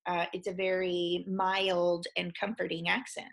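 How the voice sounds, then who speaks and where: A woman's voice: lowish voice, measured pace, creaky. A woman from Missouri with a mild southern Missouri accent, chatting animatedly as a podcast guest in a studio. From Springfield, Missouri. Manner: animated storyteller, laughs often. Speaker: guest comedian and actress. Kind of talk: casual chat.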